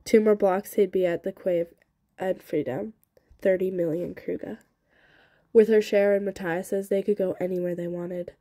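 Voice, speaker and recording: A woman narrates a novel in a steady, expressive reading voice. Her tone is soft and mellow, and the recording is dry and close with no room echo. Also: medium pitch. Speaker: audiobook reader.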